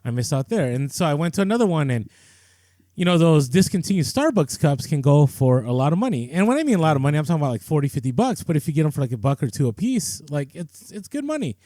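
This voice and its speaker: A man's voice: fairly high pitch, very animated, fast, mellow, no echo. A man co-hosting a podcast, telling a story in a loose, chatty way with lots of fillers and restarts. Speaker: podcast co-host. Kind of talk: casual storytelling chat.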